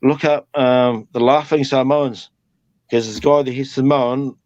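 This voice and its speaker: A New Zealand man rambles through a casual live-stream chat, laughing often and swearing without a second thought. His voice sits at a middling pitch. It comes through a video call that sounds dry and a little muffled. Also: steady tone, unhurried, a little mellow, no room sound. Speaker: guest.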